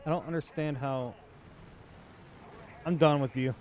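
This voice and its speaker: A man's voice: a little high, steady tone, a little slow, darkish tone, slight background noise. A man giving casual gameplay commentary, joking and talking to enemy tanks in silly put-on voices. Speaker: gaming channel host.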